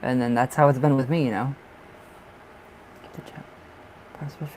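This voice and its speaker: A man's voice: medium pitch, steady tone, normal speed, a little mellow, slight background noise, low-quality recording. A man doing a live tarot reading who chats casually with viewers, gushing and affectionate, often restarting and repeating himself. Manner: chatty with frequent restarts and repeats. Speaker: tarot reader. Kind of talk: casual livestream chat.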